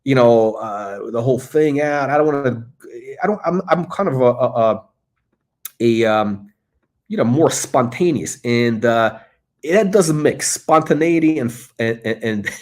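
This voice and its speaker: A man's voice: medium pitch, animated, unhurried, darkish tone. A middle-aged man hosting a casual livestream, talking in a rambling way with lots of fillers and restarts. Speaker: host.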